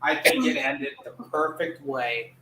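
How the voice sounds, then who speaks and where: Sarcastic male reviewer, mid-high voice, echoey room. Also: a little slow, pushed and bright, a little hiss or hum. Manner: sarcastic recapping with mocking character voices. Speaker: film reviewer. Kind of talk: casual movie review chat.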